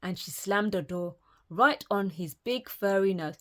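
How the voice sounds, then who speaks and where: A woman storyteller reading children's fairytales aloud in a lively, expressive way. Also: mid-range voice, measured pace.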